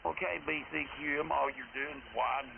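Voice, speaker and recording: A man's voice: a little high, steady tone, a little fast, vocal fry. A man, a preacher on ham radio, answering his critics in a mocking, taunting way. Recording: tinny shortwave radio with loud static.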